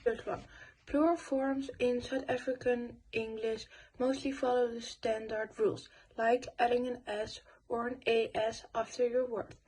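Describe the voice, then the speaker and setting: A young woman giving a school presentation voice-over, reading her notes with pauses and fillers. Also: fairly high pitch, darkish tone, husky, poor audio. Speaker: student presenter.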